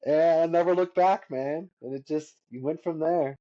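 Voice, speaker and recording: A man in his thirties shares his stories in a warm, mellow voice. He laughs easily as he goes. The sound is dull and lo-fi. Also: fairly high pitch, moderate pace. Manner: laughs often while telling stories. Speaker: guest musician. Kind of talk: casual storytelling.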